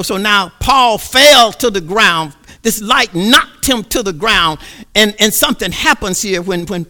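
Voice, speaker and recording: A man preaching a sermon, swinging from hushed murmurs to shouts and repeating words as he builds. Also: high voice.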